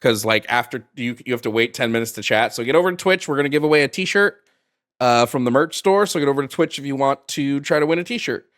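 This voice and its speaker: A man's voice: medium pitch, lively intonation, quick pace, fairly bright tone. Male host, casual live-stream patter, easygoing with fillers. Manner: loose and chatty, lots of ums and restarts. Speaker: host of a call-in debate stream.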